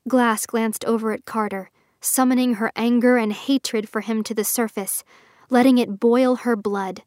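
A woman's voice: fairly high pitch, normal speed, dry recording. Woman narrating a novel, dry close sound. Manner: steady, expressive reading. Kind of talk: audiobook narration.

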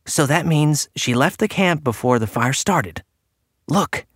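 Guy reading a firm young woman in an audiobook, voice pushed up higher, dry close sound. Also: expressive, normal speed, no room sound, lightly acted. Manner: firm, earnest.

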